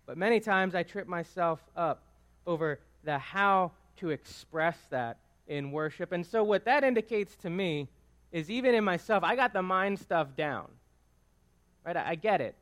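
A man with a high-pitched voice delivering a casual, conversational sermon in church. He speaks informally, tossing questions out to the congregation and punctuating his points with a quick "right?". He sounds like a pastor chatting with his own flock. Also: a bit bright. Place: church sanctuary before a congregation.

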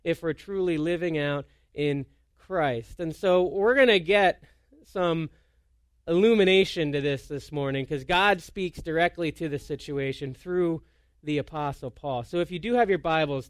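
A man preaching a conversational sermon as a pastor. He tells self-deprecating stories in an animated way and often restarts his sentences. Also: a little high, measured pace, no room sound, studio quality. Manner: storytelling with frequent restarts.

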